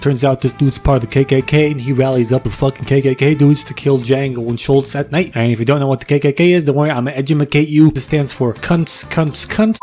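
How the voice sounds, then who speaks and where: A man's voice: medium pitch, steady tone, fast, hardly any pauses, a little mellow. A young man narrating comedic movie recaps in a crude, mocking way, often breaking into silly voices.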